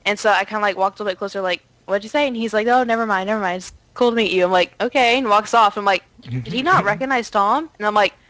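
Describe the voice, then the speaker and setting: A young woman, a podcast guest, telling a quick anecdote in a lively casual way and acting out quotes. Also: mid-range voice, no echo. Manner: animated storytelling with acted-out quotes. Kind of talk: casual chat.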